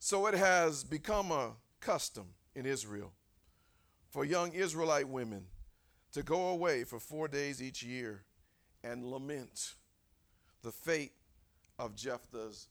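A man preacher delivering a sermon, animated and quizzing his congregation with direct questions. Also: medium pitch, slow, long pauses.

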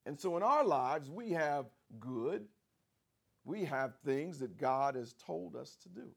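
A man preaching a sermon as pastor, with a repetitive cadence that swings from loud outbursts to hushed asides. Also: on the high side, lively intonation, takes it slowly, vocal fry, breathy edge.

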